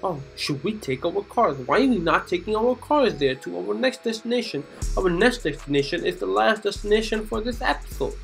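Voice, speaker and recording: A woman's voice: medium pitch, animated, brisk, vocal fry, hardly any pauses, faint music behind. A woman narrating a children's cartoon in a gushing, exclamatory way, keeps asking the young viewers questions. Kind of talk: chatty commentary for children.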